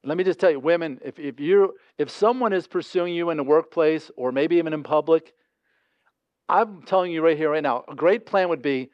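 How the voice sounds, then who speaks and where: A man's voice: a little high, moderate pace, dry recording, dull audio. A man preaching a sermon in a conversational, emphatic way, acting out quotes as he goes. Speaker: pastor.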